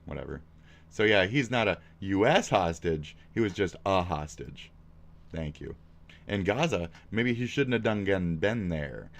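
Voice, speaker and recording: A man streaming reactions, combative and sarcastic, swearing and swinging from shouts to mutters. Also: sits low, expressive, unhurried, vocal fry. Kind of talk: profane reaction stream commentary.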